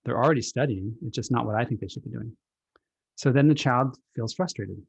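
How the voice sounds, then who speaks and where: A man presenting his book on a video call, explaining ideas in a relaxed, reflective way through everyday analogies. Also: medium pitch, fairly quick, gravelly, husky, no room sound. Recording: dull lo-fi video call audio.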